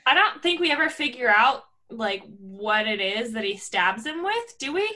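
A woman's voice: on the high side, sing-song, moderate pace, bright, forceful tone. A woman co-hosting a podcast, chatting casually and animatedly, laughing often and saying "like" a lot. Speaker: podcast co-host. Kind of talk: casual chat.

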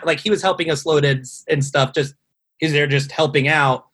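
Husky man telling a rambling story. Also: fairly high pitch, moderate pace, a bit bright. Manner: rambling storyteller, profane, many fillers. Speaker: guest telling a tour story. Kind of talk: casual podcast chat.

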